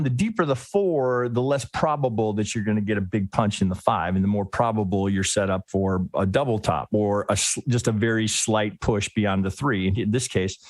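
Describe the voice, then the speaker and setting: Male trading teacher, middle-pitched, casual, thinks aloud with many restarts, dry close mic. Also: no echo. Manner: thinks aloud, restarts often, asks rhetorical "right?"; casual, occasionally swears. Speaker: trading educator. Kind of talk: live chart analysis lesson.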